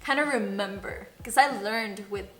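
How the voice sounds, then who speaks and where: Talking through a makeup tutorial, this Spanish-accented beauty vlogger, whose first language is Spanish, giggles, keeps things casual, and swears without holding back. Her mid-range voice is fairly bright and moves at a normal speed, over roomy echo and faint music.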